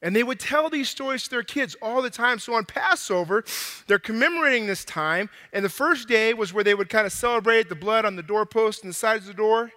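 A man preaching a casual, animated sermon to a young crowd, out of breath, acting out bits of dialogue in slang. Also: high-pitched, brisk, in a large hall.

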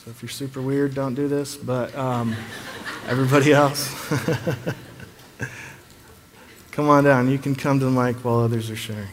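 A man leading a church service as pastor, relaxed and joking as he invites people up. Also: mid-range voice, a little fast, slight background noise. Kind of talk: sermon. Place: large church hall. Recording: reverberant hall, faint ambience.

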